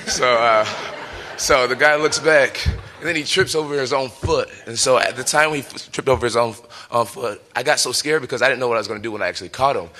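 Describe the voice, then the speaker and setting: Bright-voiced young man telling a story. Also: mid-range voice, a little fast. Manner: lively, laughs often, acts out quotes. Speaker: professional fighter. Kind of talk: animated storytelling.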